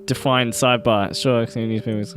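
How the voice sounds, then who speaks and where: A man's voice: medium pitch, steady tone, a little fast, a bit bright, faint music behind. A man co-hosting a podcast in casual chat, rambling and easily sidetracked, often laughing as he talks. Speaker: podcast co-host.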